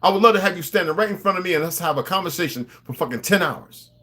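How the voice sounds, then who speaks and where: A man's voice: sits high, lively intonation, quick pace, sharp tone. A man delivering a profane, confrontational monologue, lecturing his viewers.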